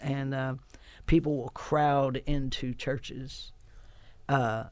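A man's voice: mid-range voice, little pitch movement, drawn-out words, a little mellow, dry recording. A man co-hosting a church talk show who speaks in a folksy way and laughs often while reflecting on scripture. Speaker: co-host. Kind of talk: casual chat and Bible discussion.

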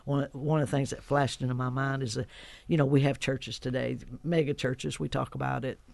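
A man's voice: medium pitch, level tone, fairly quick, gravelly, a little mellow, dry recording. A man co-hosting a church talk show who speaks in a folksy way and laughs often while reflecting on scripture. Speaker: co-host. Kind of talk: casual chat and Bible discussion.

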